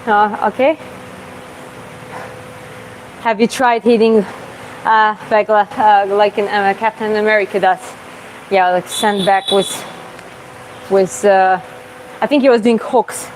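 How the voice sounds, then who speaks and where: Live from a gym, a woman boxing coach fields viewers' questions as she throws combinations on a bag, explaining casually and punctuating every punch with a quick "boom." Her tone is steady, with slight background noise on a rough recording.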